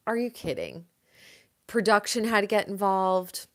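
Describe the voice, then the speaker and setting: A woman's voice: mid-range voice, expressive, unhurried, fairly bright tone. Young woman host, laid-back pace, gossipy casual chat, swears freely. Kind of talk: casual chat about reality TV.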